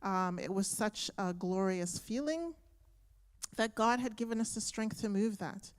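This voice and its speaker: A woman's voice: mid-range voice, measured pace, clear, resonant tone. A woman from a school giving an earnest, grateful testimony to a congregation about a student mission trip. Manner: earnest and grateful, moved by the memory. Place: church sanctuary.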